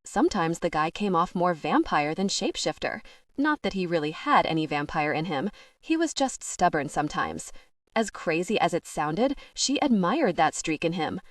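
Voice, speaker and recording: A woman narrating an audiobook in a steady, even storytelling manner. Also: lowish voice, normal speed, dry recording, clean studio sound, recorded from a distance. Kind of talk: scripted narration.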